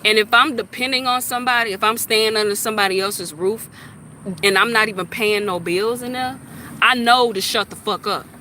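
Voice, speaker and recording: A woman's voice: medium pitch, a little fast, sharp tone. A woman in a heated, scolding rant to camera, repeating her points for emphasis. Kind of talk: ranting monologue to camera. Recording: faint street noise outdoors.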